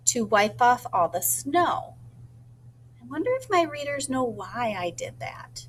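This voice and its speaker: A woman teacher thinking aloud in a gentle voice and slowly sounding out words as she models a writing lesson for young children. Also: on the high side, big pitch swings, a little hiss or hum. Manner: slow, deliberate sounding-out of words.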